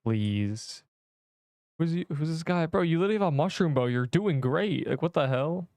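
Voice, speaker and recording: Here a male streamer banters with his viewers mid-game, casual and rambling, exasperated and slangy throughout. He has a fairly high pitch, a lively intonation and a slightly mellow quality, speaking at a moderate pace with no echo.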